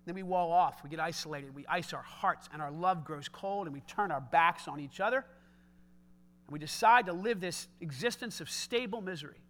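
Male pastor, middle-aged, high bright voice, emphatic casual preaching. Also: moderate pace. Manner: emphatic, conversational preaching with rising shouts. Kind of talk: sermon.

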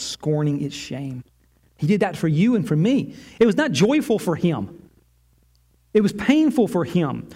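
A middle-aged man preaching in a slightly high voice. He speaks earnestly, sinking low and soft on weighty lines and lifting his pitch when he voices prayers. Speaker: pastor. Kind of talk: sermon.

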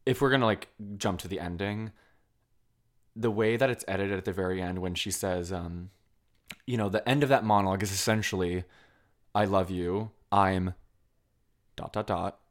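A man from Vermont with a somewhat low voice talks through a film in casual chat. He is animated and loose, full of filler words. He often slips into quick impressions of the characters. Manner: animated, many fillers, acts out quoted lines.

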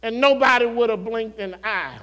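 High-voiced preacher shouting in a reverberant hall. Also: male voice. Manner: swings from soft, slow murmurs to shouted climaxes; call-and-response preaching, addresses congregation directly. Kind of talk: sermon. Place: church sanctuary.

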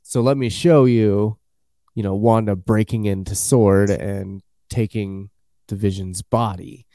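A man's voice: lowish voice, steady tone, unhurried, dark tone, dry recording, clean studio sound. A man chatting casually as a podcast host, rambling and acting out quotes in jokey voices. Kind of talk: casual chat.

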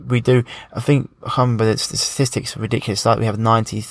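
A man's voice: fairly low pitch, flat delivery, quick pace, gravelly, no echo. A man hosting a podcast, chatty and rambling as he talks about coaching. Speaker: podcast host. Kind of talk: casual podcast conversation.

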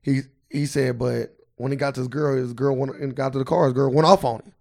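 Gravelly-voiced man telling a story. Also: medium pitch, a little fast. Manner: animated storyteller, swears freely, breaks into laughter. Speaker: podcast co-host. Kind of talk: casual podcast banter.

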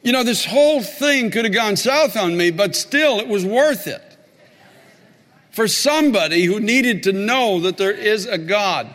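A male pastor preaching a sermon and telling a story, animated and repeating phrases for emphasis. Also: sits high, unhurried. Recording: long hall reverb.

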